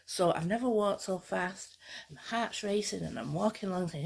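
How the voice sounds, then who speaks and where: A woman vlogger talking casually, telling a rambling, excitable story. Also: medium pitch, moderate pace, vocal fry, slightly rough. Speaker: fashion vlogger. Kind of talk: casual chat.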